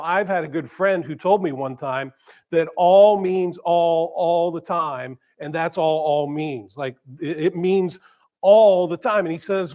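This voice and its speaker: A man, a church pastor, preaching conversationally with stumbles and repeated words, slowing down to stress key phrases. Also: fairly high pitch. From grew up in a small town. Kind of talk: sermon. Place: church sanctuary.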